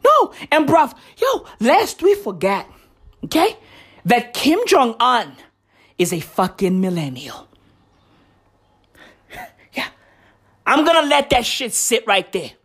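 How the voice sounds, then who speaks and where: A woman comedian doing a profane stand-up rant with exaggerated outbursts and shouting. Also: fairly high pitch, sing-song, unhurried, breathy edge.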